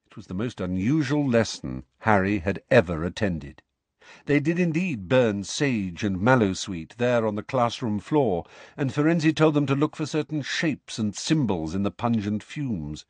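Lively-voiced male audiobook narrator. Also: fairly low pitch, a little slow, no echo. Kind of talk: scripted storybook narration.

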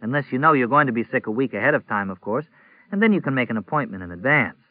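A man's voice: medium pitch, animated, quick pace, close to an everyday voice. A man voicing a sardonic, grumbling middle-aged mother who is sick with a cold. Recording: tinny phone-like audio.

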